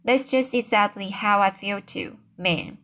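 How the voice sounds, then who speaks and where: A woman voicing an eager-to-please young servant girl, reading slowly. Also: medium pitch, sharp tone. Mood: agreeable.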